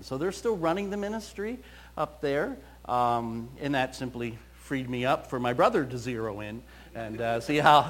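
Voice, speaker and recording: A man, a counselor, telling stories from his counseling work in an animated, storytelling way. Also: mid-range voice. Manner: animated storyteller, quoting voices. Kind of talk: storytelling talk.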